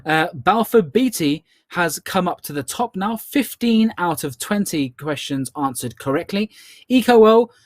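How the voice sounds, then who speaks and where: A man's voice: sits high, expressive, measured pace, no room sound, studio quality. Upbeat British man hosting a quiz. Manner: upbeat, with playful ad-libbed asides. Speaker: quiz host. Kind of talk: hosting a live online charity quiz.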